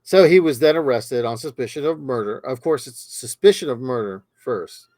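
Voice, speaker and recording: A man at mid pitch reads a true crime case aloud, steady and plain, with small stumbles. His voice sounds dry and close, with no room sound around it. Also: normal speed, no echo. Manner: steady reading with small stumbles and casual asides. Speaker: true crime podcast host.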